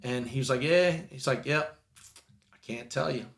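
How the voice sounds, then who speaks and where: A man's voice: mid-range voice, normal speed, reverberant, slight background noise. A man telling a long story as a guest, rambling with restarts and casual swearing.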